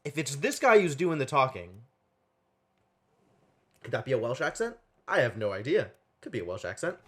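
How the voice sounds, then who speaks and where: A man streaming a game live, puzzling aloud in an animated, exclaiming way on a desk microphone. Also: mid-range voice, normal speed, breathy edge.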